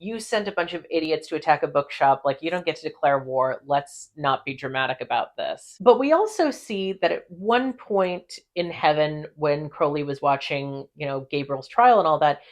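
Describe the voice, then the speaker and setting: Female podcast host, low pitch, chatty and profane recap. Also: moderate pace, hardly any pauses. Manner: animated, profane, laughs often. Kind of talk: casual recap chat.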